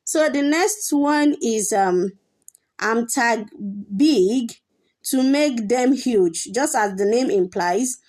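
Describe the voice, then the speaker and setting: Slow, patient woman teaching code. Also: a little high, lively intonation, a little mellow. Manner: patient, explains step by step with fillers and repetition. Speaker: coding teacher. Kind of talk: screen-share coding tutorial.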